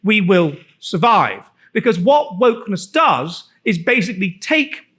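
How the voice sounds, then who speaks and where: A man's voice: high voice, sing-song, measured pace, bright, forceful tone. A man giving a sardonic public lecture, with frequent restarts and fillers. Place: lecture room.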